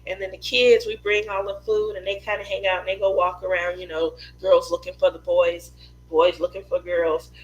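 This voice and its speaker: Speaking at normal speed with a level tone and a fairly low-pitched voice, a craft livestream host chats casually through family stories and laughs a lot. The recording quality is low.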